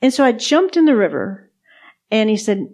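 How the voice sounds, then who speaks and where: A woman's voice: on the high side, sing-song, normal speed, darkish tone. A woman co-hosting a podcast, sharing faith testimonies in casual chat, earnest and repeating words for emphasis. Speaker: podcast co-host.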